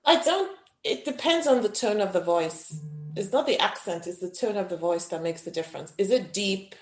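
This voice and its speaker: A woman's voice: medium pitch, lively intonation, moderate pace, soft background music. A woman co-hosting a podcast, enthusiastic in a casual group chat. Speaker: podcast co-host. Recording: roomy echo.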